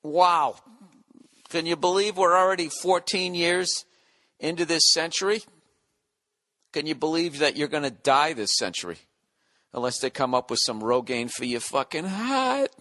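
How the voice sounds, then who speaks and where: Podcast host, man in his 40s, from the United States, high bright voice, sarcastic profane rant. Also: animated, moderate pace, long pauses. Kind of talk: solo comedic rant.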